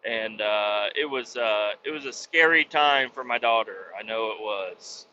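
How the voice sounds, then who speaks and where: A man's voice: lowish voice, measured pace, pushed and bright, lo-fi sound, slight background noise. A man telling stories in a casual, profane, rambling monologue as the host, talking from his truck. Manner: profane, blunt storytelling. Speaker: podcast host.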